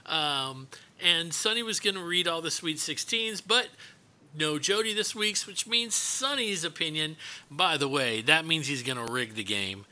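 Male podcast host, bright and a little high, joking and teasing. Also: animated, a little slow, no room sound. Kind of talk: casual podcast banter.

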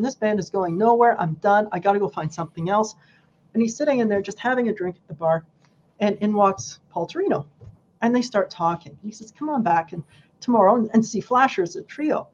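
A woman guest on a casual podcast, telling a story with animated, acted-out quotes. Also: medium pitch, lo-fi sound.

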